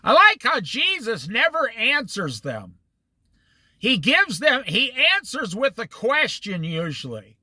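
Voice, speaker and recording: A man leading an informal Bible study, explaining scripture in an animated, storytelling way and acting out the quotes. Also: very high-pitched, slow pace, no room sound.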